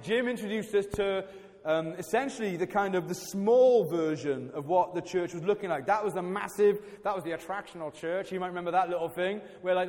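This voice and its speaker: A man's voice: sits high, a little mellow. A man preaching a sermon in a chatty, self-deprecating way, often restarting his sentences. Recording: church hall reverb.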